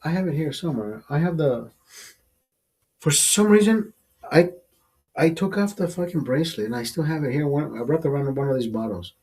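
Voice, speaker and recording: A man's voice: fairly high pitch, expressive, normal speed, a little mellow. A man hosting a live stream who tells a rambling, profane story in casual chat, laughing often and repeating himself. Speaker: show host. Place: studio.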